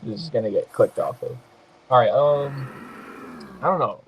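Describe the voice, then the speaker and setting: A young man commenting on his own mobile game match, excitable and swearing freely, with quick apologetic asides. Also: mid-range voice, a little hiss or hum. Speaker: gaming podcast host. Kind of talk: casual gameplay commentary.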